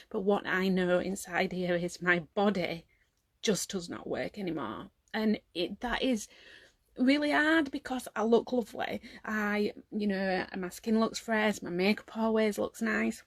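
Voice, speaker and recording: A woman's voice: medium pitch, measured pace, gravelly, no room sound. A woman in her thirties, talking tiredly and emotionally to camera at home in a rambling, heartfelt confessional vlog. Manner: rambling and heartfelt, fighting back tears at times. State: exhausted. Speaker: vlogger.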